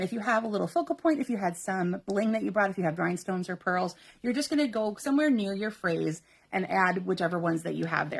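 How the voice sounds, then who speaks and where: A woman hosts a live card-making demonstration at her craft table, talking viewers through each step in a chatty way and laughing often. Her voice has a gravelly, slightly husky edge at a middle pitch. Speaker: papercraft host.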